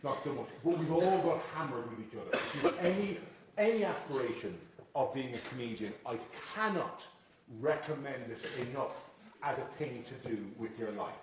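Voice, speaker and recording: Animated Irish comedian, echoey and far. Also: male voice, medium pitch, moderate pace. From Ireland. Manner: animated storyteller, swears freely. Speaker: comedian guest. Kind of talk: anecdotal chat. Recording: echoey room, far from the mic, loud noise.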